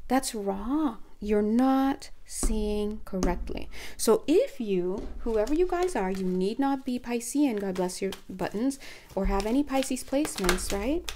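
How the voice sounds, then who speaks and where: A young woman giving a casual, chatty tarot reading to camera, animated and playful, often restarting her sentences. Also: medium pitch, slight background noise. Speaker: tarot card reader.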